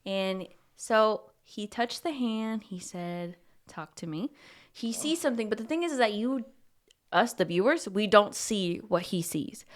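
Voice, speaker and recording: A woman's voice: fairly high pitch, unhurried. Young woman animatedly retelling a movie. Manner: animated storytelling, acting out lines, swears casually. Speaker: podcast co-host. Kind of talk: casual chat retelling a movie plot.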